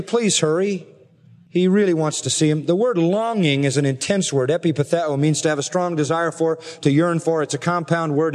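A man's voice: on the high side, long reverb tail. A man preaching an expository sermon in an earnest, emphatic way, with rhetorical questions. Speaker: pastor.

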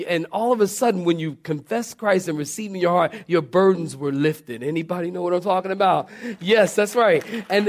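A man preaching a sermon, telling stories with humor, restarting phrases and speaking straight to his congregation. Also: sits high. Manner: animated storytelling with humor and repeated restarts; addresses the congregation directly. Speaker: pastor.

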